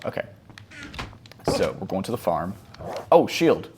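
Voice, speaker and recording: A man around thirty talks casually while he plays, his low voice rising and falling all over the place. He rambles and mocks himself, mumbling one moment and yelping the next. A faint hiss sits under the recording. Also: very animated, a little slow. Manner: rambling, self-mocking, swings from mumbles to yelps. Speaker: gaming vlogger. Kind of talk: casual chat over gameplay.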